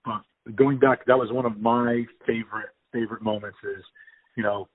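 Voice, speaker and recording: Excited man on a tinny phone line. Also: mid-range voice, normal speed, dry recording. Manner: enthusiastic, rambling with restarts. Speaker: podcast host. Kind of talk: casual phone chat. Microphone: phone call.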